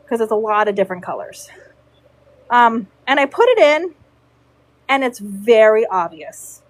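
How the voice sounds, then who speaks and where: A woman's voice: high-pitched, poor audio. A middle-aged woman telling a story in a casual chat, a horse show groom who acts out the people she quotes. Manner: chatty, acts out quoted voices.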